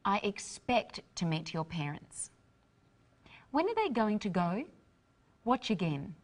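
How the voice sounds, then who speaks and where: A woman presenting an English lesson with clear, deliberate, instructive delivery. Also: mid-range voice, very animated. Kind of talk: scripted teaching narration.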